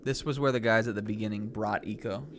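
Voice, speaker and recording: This young streamer has a fairly low voice and a brisk pace. He comments casually on his game with rambling talk, lots of fillers and laughing asides, getting excited at on-screen events, all over a noisy background.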